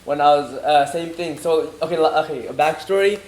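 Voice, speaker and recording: A young man rattles off a spooky story in loose, slang-heavy chat, piling on "bro" and "like". His pace runs fast and his voice sits a little high. The room is echoey, with a faint hiss underneath. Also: a little mellow. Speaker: podcast co-host.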